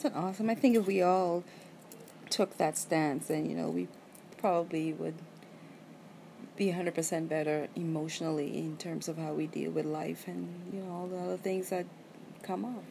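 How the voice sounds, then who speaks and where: A sleepy woman co-hosts a relaxed chat, arguing her opinions firmly. Her voice sits slightly low and sounds warm and mellow. Faint noise hums behind her. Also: moderate pace, gravelly. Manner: argumentative, opinionated. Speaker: podcast co-host. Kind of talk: casual chat.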